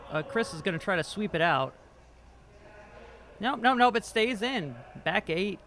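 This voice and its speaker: A man's voice: high-pitched, animated, moderate pace, a bit bright, a little hiss or hum. A man doing amateur commentary on a curling game, joking and self-deprecating and stumbling over players' names. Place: curling rink.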